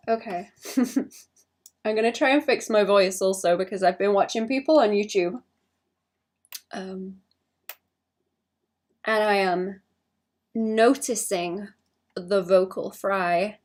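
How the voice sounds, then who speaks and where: Young woman artist live-streaming, mid-pitched, a touch of vocal fry, rambling self-talk as she works. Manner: thinks out loud, rambling and self-conscious. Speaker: illustrator streaming her drawing. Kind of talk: casual livestream chat while drawing.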